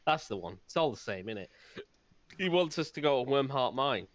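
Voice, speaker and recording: A man, playing in a tabletop game, animated and enthusiastic, with some swearing. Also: mid-range voice, brisk, no room sound. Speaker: player. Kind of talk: casual tabletop game chat.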